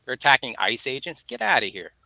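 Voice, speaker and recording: A man's voice: mid-range voice, big pitch swings, fast, gravelly, pushed and bright, no room sound, rough recording. A man co-hosting a podcast, talking bluntly and heatedly, often breaking off to apologize. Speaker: podcast co-host. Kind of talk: casual podcast chat.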